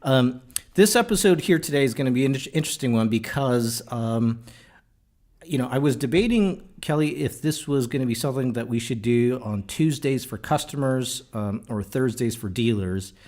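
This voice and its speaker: Joking, animated male podcast host. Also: medium pitch, moderate pace. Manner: animated, jokey, frequent restarts and fillers. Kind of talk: casual podcast chat.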